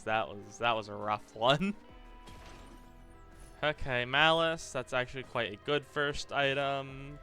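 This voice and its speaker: Male streamer, mid-pitched and bright, muttering and cursing as he plays. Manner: thinks aloud, stammers and repeats himself, swears when frustrated. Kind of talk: live gaming commentary.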